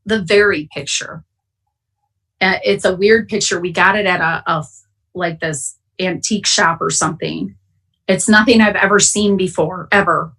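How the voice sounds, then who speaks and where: Breathy woman sharing her recovery story. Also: on the low side, fairly even intonation, normal speed, pushed and bright, far from the mic, poor audio. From Wisconsin. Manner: emotional, candid, choking up at times. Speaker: AA speaker. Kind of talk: personal recovery share. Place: online conference, at home.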